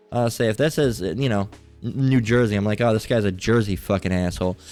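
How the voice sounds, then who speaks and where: A medium-pitched man hosts a religious channel, reading viewer comments aloud and responding with profane, mocking scolding. He preaches by drawing words out for emphasis.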